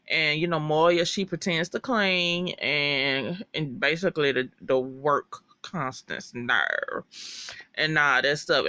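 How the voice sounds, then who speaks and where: Fan recapper for a TV show: gravelly, foul-mouthed and animated, on a dull lo-fi recording. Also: medium pitch, no echo. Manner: animated, profane, chatty storytelling. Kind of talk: casual episode recap.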